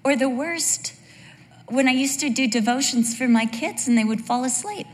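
A woman with a slightly high voice tells stories to a congregation in a candid, humorous way, breaking off for quick asides. Her talk carries a long reverb from a large hall. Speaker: pastor's wife speaking to a congregation. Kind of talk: conversational church talk.

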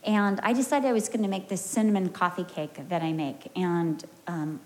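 A woman's voice: fairly low pitch, fairly even intonation, normal speed, a little mellow. An American woman preaching a sermon in an emphatic, storytelling way with humorous asides. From United States.

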